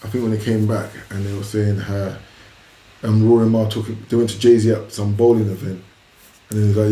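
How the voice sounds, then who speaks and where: A man's voice: fairly low pitch, flat delivery, a little fast, dark tone, roomy sound, far from the mic, poor audio. A man co-hosting a podcast, telling stories in casual chat with plenty of fillers and quoted lines. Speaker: podcast co-host.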